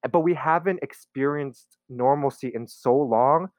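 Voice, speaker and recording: A man's voice: mid-range voice, moderate pace, dry recording. A young man in a casual chat, rambling loosely with lots of fillers.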